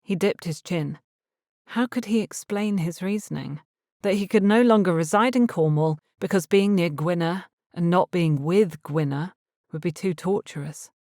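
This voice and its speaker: A woman reading a romance novel aloud as an audiobook narrator in a measured, even storytelling manner. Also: fairly low pitch, dry recording, studio quality. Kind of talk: scripted narration.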